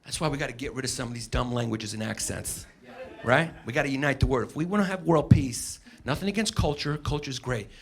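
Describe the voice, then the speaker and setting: A middle-aged man from the United States doing a live stand-up set, ranting brashly and profanely with loud mocking impressions, on a comedy stage with a handheld mic. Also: medium pitch, a little fast. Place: comedy stage before a laughing audience. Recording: noisy live club recording.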